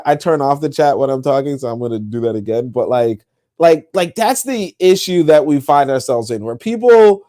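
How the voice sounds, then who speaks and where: A man hosting a podcast livestream, his voice sitting a little high for a man. He rambles and circles back, packs his talk with fillers and curses, and sounds plainly exasperated. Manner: exasperated, rambling, swears often, heavy fillers. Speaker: podcast host. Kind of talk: livestream monologue.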